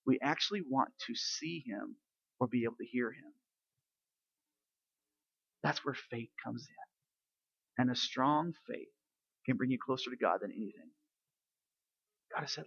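Emphatic male preacher, bright voice. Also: mid-range voice, a little slow, pauses often, dry recording, dull audio. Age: adult parent. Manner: emphatic, swings from quiet to loud; storytelling with rhetorical questions. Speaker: pastor. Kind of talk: sermon.

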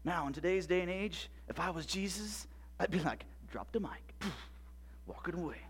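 A man's voice: sits high, normal speed, fairly bright tone. A man performing a dramatic church monologue as an eager young boy from biblical times, retelling a story with stammered restarts. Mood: eager wonder. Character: excitable little Jewish boy in Jesus' time.

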